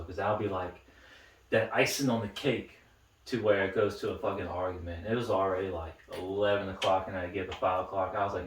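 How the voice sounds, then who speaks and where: A man's voice: deep voice, a little fast, fairly bright tone. A man co-hosting a podcast in laid-back casual chat, laughing often and swearing casually. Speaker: podcast co-host. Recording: echoey room, mic at a distance.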